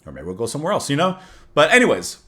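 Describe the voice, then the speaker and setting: A man's voice: fairly high pitch, wildly swooping pitch, very fast, sharp tone. A man hosting a music reaction, talking casually in a rambling, musing way and chuckling at himself.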